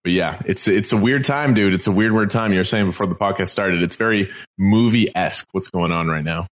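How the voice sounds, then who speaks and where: A man's voice: low-pitched, a little fast. A man co-hosting a podcast from home, talking in an earnest, reassuring way and repeating himself for emphasis. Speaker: podcast co-host. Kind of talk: casual podcast chat. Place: at home, self-isolating.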